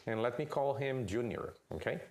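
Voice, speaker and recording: A man giving a lecture at a spiritist center, telling a family story with lively delivery and often asking "okay?". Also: mid-range voice, moderate pace. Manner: animated storyteller, checks in with "okay?".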